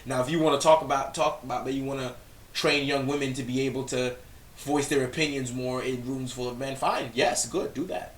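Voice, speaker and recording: A man's voice: medium pitch, fairly even intonation, brisk, distant mic, a little hiss or hum. A man co-hosting a reaction video, giving blunt, profane commentary in casual chat. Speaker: reaction channel co-host. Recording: echoey room, off-mic.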